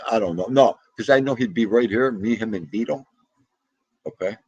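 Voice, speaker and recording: A middle-aged man hosts a casual livestream, talking back to his viewers in a loose, chatty way. His voice sits low and has a husky edge. The sound is dry and close, with no room around it. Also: unhurried, darkish tone, no room sound, lo-fi sound. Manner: chatty, laughing, talks back to the chat. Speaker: livestream host. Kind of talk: casual chat with live viewers.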